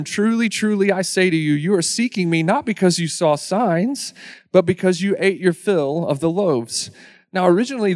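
A man preaching a sermon in a casual, joking way, acting out the crowd's lines in quick asides. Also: sits high, a little mellow. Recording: long hall reverb.

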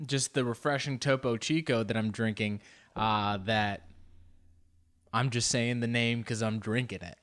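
A man's voice: steady tone, a little slow, fairly bright tone. A man hosting his solo podcast in a casual, rambling way. He is self-deprecating and uses many fillers and restarts. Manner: pitch jumps up and down a lot. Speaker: podcast host.

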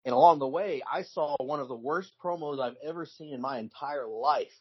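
A man talks casually as a podcast co-host in a husky voice, in relaxed storytelling with frequent restarts. The sound is dull and lo-fi. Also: a little high, fairly quick. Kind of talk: casual chat. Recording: dull lo-fi recording.

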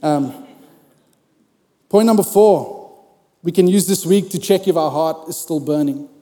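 High-voiced, mellow male preacher. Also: moderate pace, big-room sound. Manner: conversational, humorous, addresses the congregation directly. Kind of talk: sermon.

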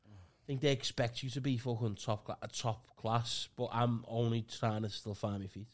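A man's voice: mid-range voice, steady tone, normal speed. A man, a comedian co-hosting a podcast, who stammers through restarts and laughs easily. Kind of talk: casual chat.

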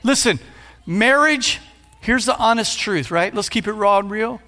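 A man in his fifties, a pastor, preaching a playful sermon that builds to shouts. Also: sits high, lively intonation, measured pace. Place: church sanctuary. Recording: long hall reverb.

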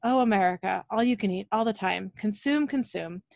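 A woman reading out the lines of a sinister old man in a wheelchair, slow and low-key. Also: gravelly, darkish tone, no echo, muffled recording, lightly acted. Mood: menacing.

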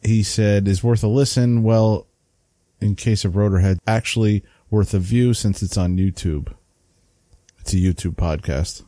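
A man's voice: on the low side, unhurried, mellow, dry recording, clean studio sound. A man co-hosting a casual hobby podcast, laid-back and chatty, often tossing in "man". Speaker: podcast co-host. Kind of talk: casual chat.

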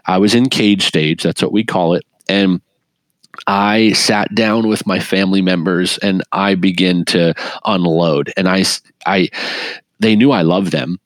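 A middle-aged man appears as an interview guest and tells his story in earnest conversational testimony, animated and laughing often as he restarts his sentences. His voice is low and a little slow, with no echo.

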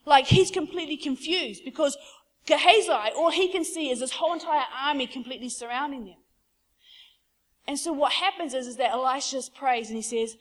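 A woman's voice: sits high, fairly quick. A woman preacher giving a fervent sermon in a conversational, storytelling way.

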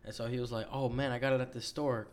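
A man's voice: medium pitch, flat delivery, quick pace. Young man, casual storyteller, loose slangy delivery, swears a lot. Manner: laid-back storytelling, heavy profanity, slangy. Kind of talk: casual chat.

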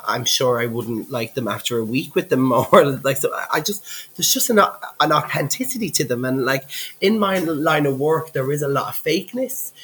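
A man with a Dublin Irish accent chatting as a podcast guest. His pitch swings widely as he talks. He is giggly and loose, swears freely and leans on "like" as a filler. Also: a bit bright, rough recording. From Ireland, Dublin. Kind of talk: casual chat.

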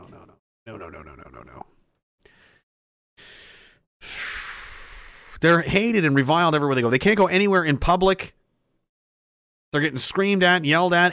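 Male vlogger, rambling and profane, lively and bright, dry close mic. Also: a little high, dry recording. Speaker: commentator. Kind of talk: political commentary vlog.

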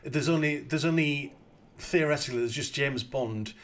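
A man's voice: on the high side, normal speed, fairly bright tone. A man from Britain co-hosting a casual film chat, wry and skeptical, with lots of "like" and "you know". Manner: wry, skeptical, filler-heavy.

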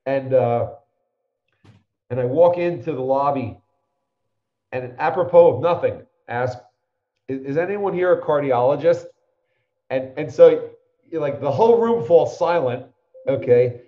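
A man's voice: mid-range voice, a little slow, pauses often, roomy sound, muffled recording. Rambling storyteller man in his fifties. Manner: rambling anecdotes, acts out the people he quotes. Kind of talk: conversational storytelling.

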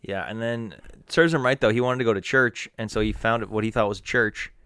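A man's voice: lowish voice, fairly quick, a bit bright, clear, resonant tone, dry recording, studio quality. A man co-hosting a casual podcast chat, joking, swearing and telling stories, feeling unwell.

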